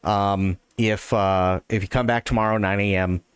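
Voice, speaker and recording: A man's voice: lowish voice, steady tone, normal speed, clean tone, no room sound, clean studio sound, pitched below the performer's own voice, lightly acted. A man voicing a patient male grocery clerk in a spoken joke, polite but worn thin. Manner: politely exasperated. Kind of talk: joke telling.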